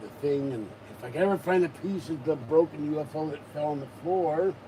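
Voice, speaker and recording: A man's voice: on the high side, fairly quick, dark tone, a little hiss or hum, poor audio. A man vlogging at home, chatting casually in a rambling way with wry asides. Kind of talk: casual chat.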